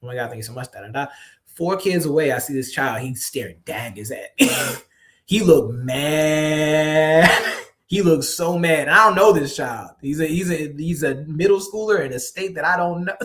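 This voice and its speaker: A man's voice: a little high, a bit bright. A man, a poet and author, telling stories in a casual interview, laughing often and acting out the voices of the people he quotes.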